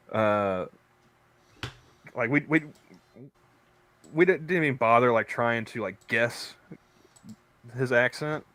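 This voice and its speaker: A man's voice: mid-range voice, takes it slowly, pauses often, bright, forceful tone. A man co-hosting a casual podcast chat, rambling through stories with many restarts. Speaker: podcast co-host; convenience store worker.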